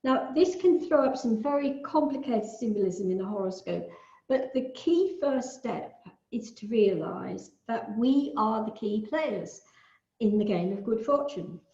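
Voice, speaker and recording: An older woman lectures online in a slow, explanatory way, stopping for musing asides. Her fairly high voice has a gravelly, creaky edge. The sound is dull and lo-fi, with a noticeable room echo. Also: lively intonation, warm tone. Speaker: astrology lecturer. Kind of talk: online talk with shared screen. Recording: echoey, dull lo-fi.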